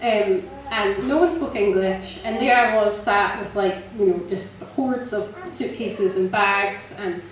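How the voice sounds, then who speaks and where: A woman sharing a personal testimony in church, chatty and animated, laughing often and filling pauses with ums. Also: medium pitch. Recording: echoey church hall, mic from a distance.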